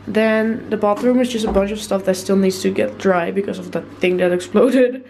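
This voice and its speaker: A woman's voice: medium pitch, unhurried, vocal fry, a little mellow, slight background noise, rough recording. A young woman from the Netherlands, giving a casual, giggly vlog tour of a new apartment, laughing often and swearing freely. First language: Dutch. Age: young adult. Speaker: vlogger.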